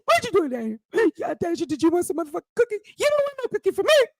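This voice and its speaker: A woman voicing an angry, shouting woman who curses a lot. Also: extremely high pitch, big pitch swings, rapid-fire, no echo, studio quality, voice pushed up, heavily acted. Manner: yelling, profane.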